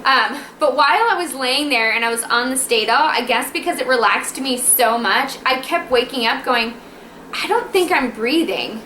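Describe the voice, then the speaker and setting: Woman vlogger, chatty animated storyteller, bright sharp tone, faint room hum behind. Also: high-pitched, moderate pace, hardly any pauses. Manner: chatty, animated, acts out dialogue. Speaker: vlogger telling her birth story. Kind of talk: casual storytelling to camera. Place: at home. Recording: echoey room, faint ambience.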